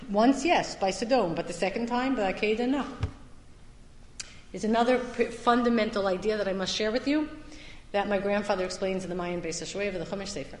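A woman's voice: mid-range voice, moderate pace, long pauses, slight background noise. Emphatic woman teaching in an echoey hall. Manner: emphatic, swings between loud stresses and quiet asides. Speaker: Torah teacher. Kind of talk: summer class lecture. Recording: echoey hall with long reverb.

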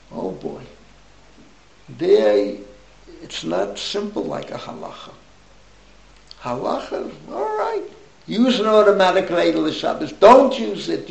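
A man in his eighties, a rabbi teaching an informal class, telling rambling, animated stories with asides to his listeners. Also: high voice, gravelly, echoey room, poor audio. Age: 80s. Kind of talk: informal Torah class talk.

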